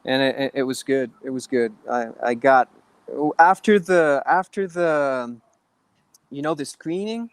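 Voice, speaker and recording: A man's voice: mid-range voice, unhurried, smooth, dry recording. A man, an actor guest in an interview, talking earnestly with many restarts and halts. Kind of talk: interview conversation.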